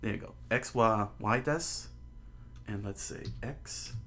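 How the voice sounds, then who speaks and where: A man's voice: on the low side, takes it slowly, a bit bright, slight background noise. A man teaching Japanese grammar on a livestream in a casual, rambling way, with many fillers and restarts. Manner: rambling, many fillers and restarts, drawing on a board while talking.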